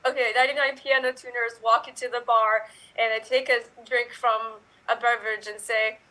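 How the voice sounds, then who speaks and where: A woman telling quick jokes as an improv player, giggly and playful. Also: a little high, level tone, pushed and bright, poor audio. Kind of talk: casual joke telling.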